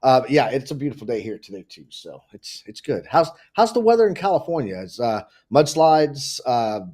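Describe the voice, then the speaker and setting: A man's voice: medium pitch, very animated, normal speed, a little mellow. A man hosting a live market and crypto stream, talking casually with hyped-up greetings. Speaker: show host.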